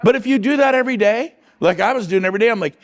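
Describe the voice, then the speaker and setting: A middle-aged man with a fairly high voice gives an energetic motivational talk from a stage. He speaks in short, punchy bursts and keeps quizzing and teasing his audience. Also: racing. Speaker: real estate coach on stage.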